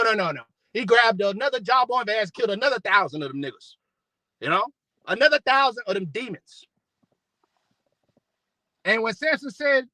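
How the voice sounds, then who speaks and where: A man preaching a fiery, profane sermon in rough slang, reading scripture aloud and repeating "man" and "you know". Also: high-pitched, pushed and bright, dry recording, poor audio. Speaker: street preacher.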